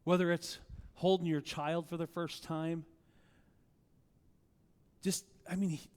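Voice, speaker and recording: A male pastor preaching a sermon in a conversational, animated way, often asking rhetorical questions of the congregation. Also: on the high side, slow, clean tone, long reverb tail.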